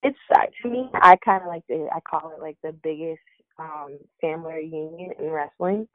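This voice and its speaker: A young woman wrestler, a guest in a casual interview, telling lively stories, laughing and acting out what others said. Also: low voice, moderate pace, dry recording. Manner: animated, laughs often, acts out quotes. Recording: dry narrow phone-like line.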